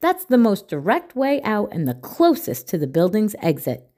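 A woman voicing a patient flamingo schoolteacher who calms her class. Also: mid-range voice, normal speed, voice pushed up. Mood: reassuring. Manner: gentle and reassuring. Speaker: teacher.

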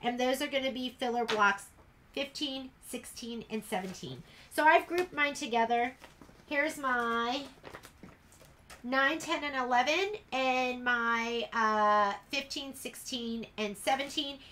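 A woman's voice: high-pitched, slow, pushed and bright, slight background noise. A woman teaching a casual sew-along in her sewing room, chatty and rambling as she works. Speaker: sewing instructor.

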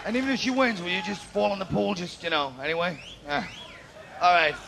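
A man hosting a game show outdoors, shouting wisecracks and teasing the contestants. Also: high voice, animated, fairly quick, vocal fry, very noisy. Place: outdoors at a spring break beach event. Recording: loud crowd and music at outdoor taping. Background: loud cheering crowd and music.

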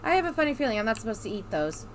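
This is let's play commentary from a woman gamer whose voice is a little high, sing-song, and rapid-fire, with slight background noise. She plays a horror game and talks through her nerves, swearing often and telling herself again and again that everything is fine.

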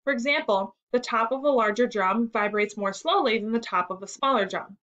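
A woman reading the lines of a patient adult male musician who explains clearly. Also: a little high, brisk, a bit bright, dull audio, close to an everyday voice. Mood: explaining.

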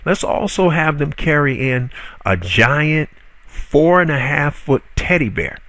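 A man's voice: on the high side, lively intonation, measured pace, fairly bright tone, dry recording. A man giving a spoken marketing tutorial in a conversational, salesy way, with frequent fillers, self-corrections and rhetorical questions to the viewer. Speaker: online marketing instructor.

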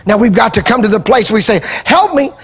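A man preaching an impassioned sermon that rises into shouts and calls for the congregation to answer. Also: sits high, steady tone, quick pace, husky. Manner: impassioned, rising into shouts and call-and-response. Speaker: pastor. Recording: archival 2000 TV broadcast.

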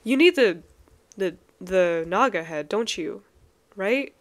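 A young woman giving casual gameplay commentary as a let's play host, excitable, with frequent gasps and exclamations. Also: mid-range voice, slow pace. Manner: excitable, gasping and exclaiming often.

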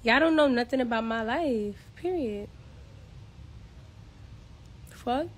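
New woman going off on a phone live from home, blunt, fed up, cusses a lot, kinda high voice. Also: animated, slow. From Queens, New York. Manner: blunt, exasperated, profane. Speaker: social media personality. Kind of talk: casual livestream rant. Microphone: phone livestream.

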